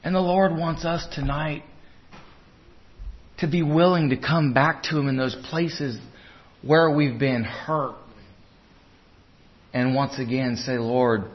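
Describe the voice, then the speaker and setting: Male preacher, unhurried sermon delivery, earnest and tender, muffled low-fidelity recording. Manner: earnest, swings from loud urging to hushed tenderness.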